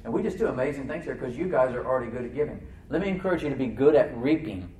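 A man preaching a sermon as pastor of his church, conversational, with repeated words and restarts, swinging from loud emphatic bursts to low quiet asides. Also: animated, racing, roomy sound.

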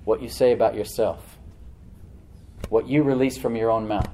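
A male pastor preaching a sermon in church, animated, slowing down to stress words and acting out the voices he quotes. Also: fairly low pitch. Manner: animated preaching, slows for emphasis, acts out quoted voices and laughs.

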